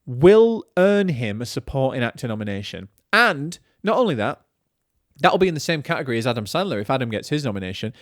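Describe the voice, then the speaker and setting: Male podcast host, 30s, mid pitch, dry close sound, animated chatty film reviewer. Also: no room sound. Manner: chatty and animated, with lively storytelling asides.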